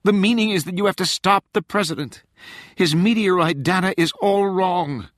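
A man reading an audiobook, voicing a frantic young woman intelligence officer in a high, pleading, insistent voice. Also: normal speed, a bit bright, no room sound, studio quality. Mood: urgent.

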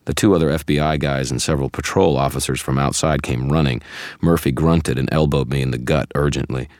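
Brief: male first-person audiobook narrator, wry and measured, dry close sound. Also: extremely low pitch, fairly even intonation, darkish tone, no echo.

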